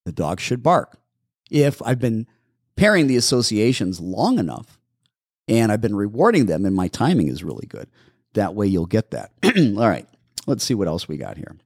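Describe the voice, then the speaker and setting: A male podcast host who answers listener questions on dog training in a lively, up-and-down voice, walking through each step and repeating it patiently. The sound is dry and close, with no room around it. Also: on the low side, moderate pace, no room sound. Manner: practical, instructive, repeats steps patiently. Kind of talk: call-in radio show Q&A.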